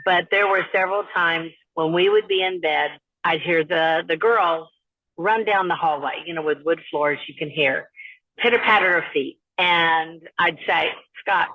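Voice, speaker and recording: A woman's voice: lowish voice, unhurried, highs cut off. A woman calling in to tell a ghost story, acting out the voices of the people in it. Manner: storytelling, acts out quoted voices. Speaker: caller.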